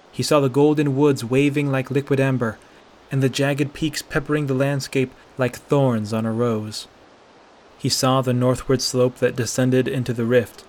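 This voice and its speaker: A man reading a fantasy fan fiction chapter aloud with steady, expressive narration. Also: mid-range voice.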